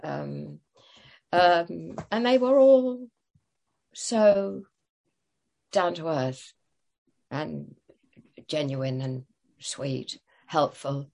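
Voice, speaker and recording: A woman's voice: deep voice, expressive, drawn-out words, vocal fry, long pauses, a little mellow. An older woman telling stories as an interview guest, hesitant, with many fillers and restarts. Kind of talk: casual interview storytelling.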